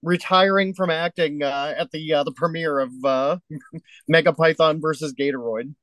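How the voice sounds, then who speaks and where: A man's voice: a little high, steady tone, normal speed, a bit bright, no echo, rough recording. A man co-hosting a podcast, chatting easily about a movie and reading facts aloud from online. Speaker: podcast co-host. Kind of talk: casual movie-review chat.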